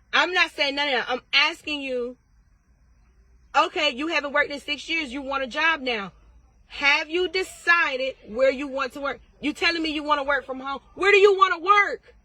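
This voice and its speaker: Woman, tarot reader, casual advice vlog, blunt and profane, bright sharp tone, dry sound. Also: sits high, dry recording. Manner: blunt, profane, rapid-fire questioning.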